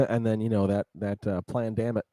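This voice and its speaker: A man's voice: lowish voice, normal speed, dark tone, no echo, clean studio sound. A man co-hosting a podcast in casual chat, laid-back and laughing easily. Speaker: podcast co-host.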